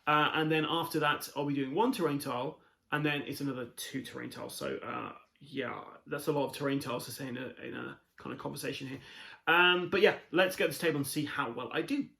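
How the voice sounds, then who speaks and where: A man's voice: on the high side, fast, gravelly, sharp tone, roomy sound, low-quality recording. A British man in his thirties hosting a solo board game playthrough, chatting casually to viewers with many fillers. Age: 30s. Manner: chatty, lots of fillers, talks straight to viewers. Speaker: board game channel host.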